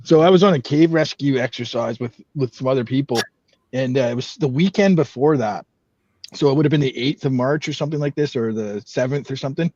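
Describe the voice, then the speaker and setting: A man's voice: medium pitch, a little fast, a little mellow, muffled recording. A man telling a story in casual, profane podcast chat, rambling and swearing freely. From Canada.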